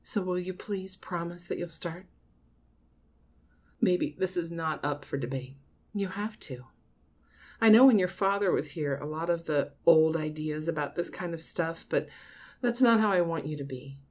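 A woman playing a doting mother who talks to her grown son in a soft, coaxing audio role-play. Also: fairly low pitch, lightly acted. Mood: soothing. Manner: soft, coaxing, slow, with frequent nervous laughs.

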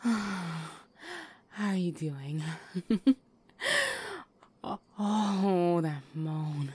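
Breathy woman, slow whispered role-play. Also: fairly low pitch, lively intonation, warm tone. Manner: teasing, commanding, breathy whispers between moans. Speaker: audio role-play performer.

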